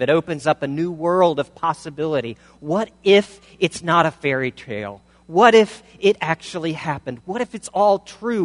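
A man's voice: on the high side, a bit bright. A man preaching a sermon with emphatic build-ups of rhetorical questions and repeated phrases. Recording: long hall reverb.

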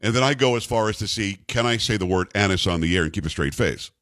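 A man hosting a radio talk show with a bass voice, telling stories casually and jokingly, doing voices for the people in them. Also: quick pace, dry recording. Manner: animated, jokey, puts on voices for the people in his stories. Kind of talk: casual on-air storytelling. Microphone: studio microphone.

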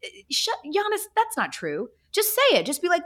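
A woman in her thirties hosts a casual podcast chat. She tells stories with sarcastic asides, and her pitch swings widely. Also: normal speed, few pauses. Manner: animated, chatty storytelling with sarcastic asides. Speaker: podcast host.

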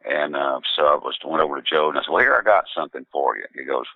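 A man's voice: rumbling low, lively intonation, fast, gravelly, dry recording, narrow, tinny audio. A man, a musician, telling a rambling story in a laid-back way, full of fillers and restarts. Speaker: musician guest. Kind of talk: casual anecdotal storytelling.

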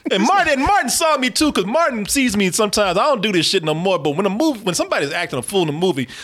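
Animated high-voiced man telling stories. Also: very fast. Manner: animated storytelling, acting out quotes, profane. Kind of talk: casual chat.

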